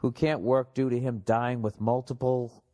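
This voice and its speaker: A man's voice: mid-range voice, flat delivery, normal speed, mellow. A middle-aged man hosting a podcast, ranting casually and reading listener letters aloud with profane, mocking asides.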